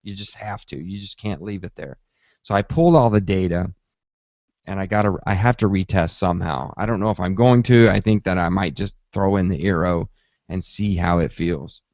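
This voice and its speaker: A man hosting a casual tech podcast who tells his story in a lively way and acts out his own reactions. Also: low voice, moderate pace, no room sound. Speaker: podcast host. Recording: dull, slightly lo-fi dry sound.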